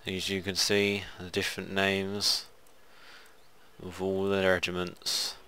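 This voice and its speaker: In a low, completely flat voice, a gaming video host takes it slowly, his tone pushed and bright yet clean. He offers casual let's play commentary on a strategy game, rambling and muttering asides to himself.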